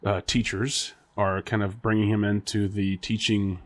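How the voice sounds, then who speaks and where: A man's voice: on the low side, little pitch movement, normal speed. A man co-hosting a podcast in casual chat, rambling and speculating with frequent laughter. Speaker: podcast co-host.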